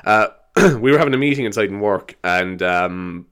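Irish man, podcast host, casual monologue, animated pitch, rambling, laughs a lot. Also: normal speed, clean tone. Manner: rambling, laughing, slipping into silly voices.

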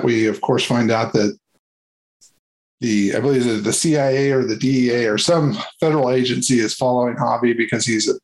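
A man's voice: mid-range voice, vocal fry, low-quality recording. A man hosting a casual movie review chat, rambling and hesitant with many fillers and restarts.

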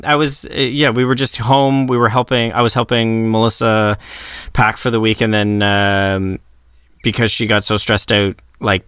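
A young adult man co-hosting a podcast in casual chat, halting and restarting his sentences often. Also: medium pitch, pushed and bright, clear, resonant tone, dry recording, clean studio sound. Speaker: podcast co-host.

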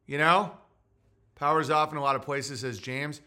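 Male podcast host, loud, rambling and mocking. Bright, tense, slightly high voice, talking over a live chat. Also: steady tone, moderate pace. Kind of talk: livestream monologue reading chat.

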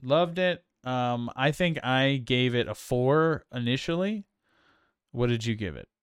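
A man talking through a film in a relaxed, meandering way, full of "um"s and restarts. His voice is smooth and clear, recorded close and dry with no room around it. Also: medium pitch, measured pace, no echo. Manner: rambling, many fillers and restarts. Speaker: podcast co-host. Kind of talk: casual film review chat.

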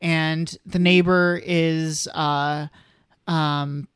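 A man's voice: a little high, flat delivery, drawn-out words, fairly bright tone, smooth, dry recording, clean studio sound. A man co-hosting a podcast, talking casually and a bit hesitantly about a film, with many restarts and small laughs. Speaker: podcast co-host. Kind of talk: casual film-review chat.

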